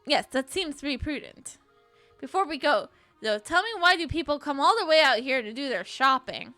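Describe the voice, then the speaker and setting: A woman voicing a calm, polite English gentleman professor from a game, speaking in a measured, formal way. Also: high-pitched, soft background music. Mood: courteous.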